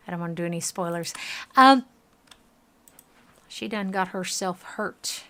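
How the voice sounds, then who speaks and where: A woman with a Southern US accent streams a game in a casual, chatty way, reading the game's text aloud. Her voice is bright, with lively pitch swings, and she sounds tired. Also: normal speed, a little hiss or hum.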